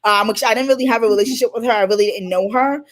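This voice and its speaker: A woman from Queens, New York, a guest life coach telling animated stories in an interview and acting out the dialogue. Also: a little high, very fast. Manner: animated, acts out quoted dialogue. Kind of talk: storytelling in an interview.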